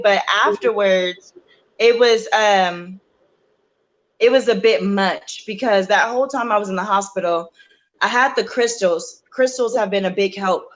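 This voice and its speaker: A young adult woman, a guest on a talk show, earnestly telling a personal story in a halting way, with many fillers and restarts. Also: mid-range voice, a bit bright. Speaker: guest sharing her story.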